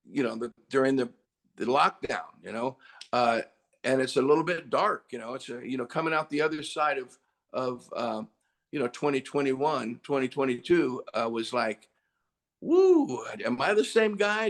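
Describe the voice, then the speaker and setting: Gravelly older rock singer, animated storyteller. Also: male voice, mid-range voice. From United States. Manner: animated storyteller, acts out quotes loudly. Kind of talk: casual interview chat.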